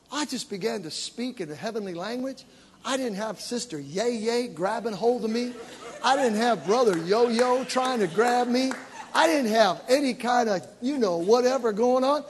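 A man's voice: extremely high pitch, animated, moderate pace, husky, long reverb tail. A man preaching a sermon, telling stories and acting out the voices of the people in them, building his points with repetition.

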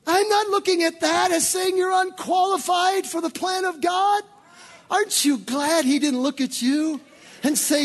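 A man preaching a sermon as pastor, rising to shouted peaks and dropping into playful, joking asides. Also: very high-pitched, unhurried.

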